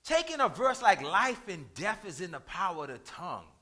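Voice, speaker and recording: A man preaching a sermon in call-and-response style, repeating lines for emphasis and rising to shouts at key points. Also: high voice, very animated, moderate pace.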